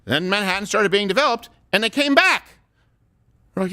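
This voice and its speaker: A man hosting a talk show, giving opinionated comedic commentary in a sarcastic, animated way that slips into acted-out dialogue. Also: sits high, moderate pace, pauses often.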